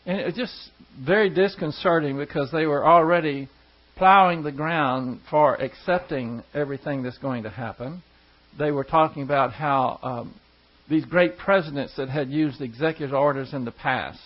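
Man, pastor, casual storytelling, folksy rambling, husky voice, dull lo-fi sound. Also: fairly high pitch, moderate pace, hardly any pauses. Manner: rambling, chuckling, folksy asides. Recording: dull lo-fi recording.

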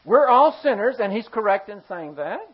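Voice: medium pitch, very animated, normal speed, breathy edge. A pastor giving a sermon to a congregation, emphatic and firing rhetorical questions at the listeners. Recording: slightly dull lo-fi sound.

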